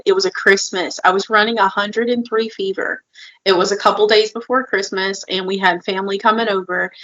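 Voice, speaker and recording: A woman's voice: medium pitch, a bit bright. Woman podcast co-host, candid and emotional, slightly muffled audio. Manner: open, emotional, heavy filler "like". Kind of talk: candid personal conversation.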